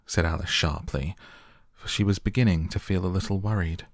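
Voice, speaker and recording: A man narrating a storybook in a soft, slow, calm bedtime manner. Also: deep voice, dry recording, studio quality. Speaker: audiobook narrator.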